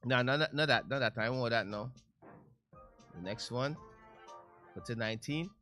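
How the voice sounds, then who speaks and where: A man hosting a talk-radio show, giving casual commentary in a loud, heated, preachy way with slangy asides. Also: mid-range voice, moderate pace, soft background music.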